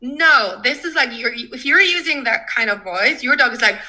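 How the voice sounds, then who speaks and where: A young adult woman dog trainer, explaining advice in an interview in a lively way and acting out little voices as she goes. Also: high voice, normal speed, rough recording.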